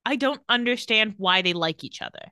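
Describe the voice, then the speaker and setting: A woman with a bright, crisp voice chats casually as a podcast co-host. She retells scenes and slips into quoted lines. The sound is dry and close. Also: mid-range voice, brisk, no echo. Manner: retells scenes, quoting lines in lively bursts. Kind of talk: casual recap chat.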